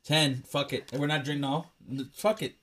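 A man's voice: a little high, fairly even intonation, fairly quick, a bit bright, slight background noise. A man co-hosting a podcast, chatting and joking while counting cards in a drinking game. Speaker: podcast co-host. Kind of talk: casual chat during a drinking card game.

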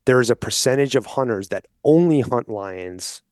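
A man speaking as a podcast guest, persuasive and explanatory, often checking in with listeners with a quick "okay?". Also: mid-range voice, expressive, darkish tone, no echo, studio quality. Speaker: hunting advocate guest. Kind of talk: casual podcast conversation.

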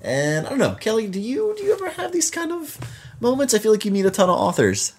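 Lively man chatting casually about books. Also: high voice, fast talker, a little hiss or hum. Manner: animated, many fillers and restarts, laughs easily. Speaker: podcast co-host.

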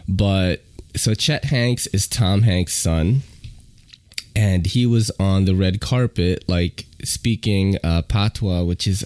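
A man's voice: low voice, a little mellow, dry recording. A man hosting a podcast in casual, rambling chat, often laughing and using many fillers. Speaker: podcast host.

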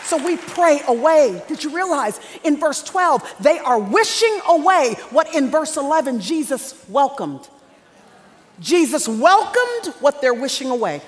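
A woman preacher delivering a sermon, swinging from hushed near-whispers to shouted peaks. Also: high-pitched, big pitch swings, unhurried. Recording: reverberant hall with faint crowd.

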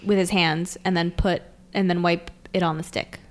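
A woman's voice: lowish voice, steady tone, moderate pace. Chatty woman co-host recapping an anime. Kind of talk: casual anime recap chat.

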